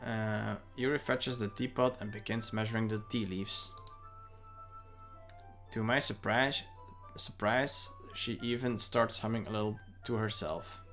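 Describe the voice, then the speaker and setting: A man's voice: lowish voice, steady tone, measured pace, a bit bright, soft background music. A man streaming a visual novel, reading its narration and every character's lines in his own voice and breaking off for joking asides. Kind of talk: casual let's-play narration and dialogue reading.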